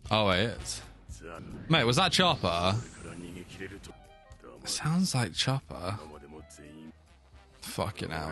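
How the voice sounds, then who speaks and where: Hyped young man reacting, swearing loudly. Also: lowish voice. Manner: excitable, swears freely, shouts when hyped. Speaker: reaction channel host. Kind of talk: anime reaction commentary. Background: faint anime soundtrack.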